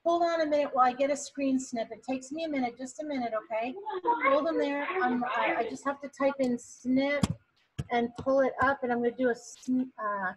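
A woman with a high voice talks briskly over a noisy background. She's teaching an online painting class on a video call, chatty and encouraging, and turns bubbly whenever she praises someone.

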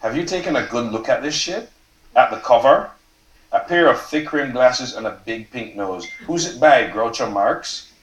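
An author with a mid-range, expressive voice reads at normal speed in a natural tone, playing a sarcastic, prying American man who needles with pointed questions. The mood is needling, and the mic sits far off in a roomy hall.

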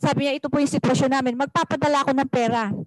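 A woman's voice: high-pitched, steady tone, racing, dry recording, soft background music, rough recording. A woman pastor with a Filipino accent preaching a sermon, switching between English and Tagalog and asking the congregation rhetorical questions.

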